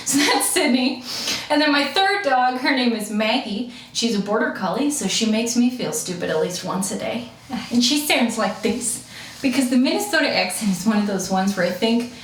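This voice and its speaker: Playful woman doing stand-up, echoey. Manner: playful, animated storytelling with swings in pitch. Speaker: comedian. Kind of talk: stand-up comedy. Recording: echoey room from far off.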